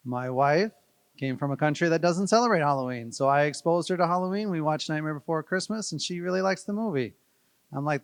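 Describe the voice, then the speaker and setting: A man's voice: high voice, a little fast, smooth, no room sound. A man giving a playful, rambling wedding speech at a reception, joking with the crowd. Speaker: wedding guest giving a toast.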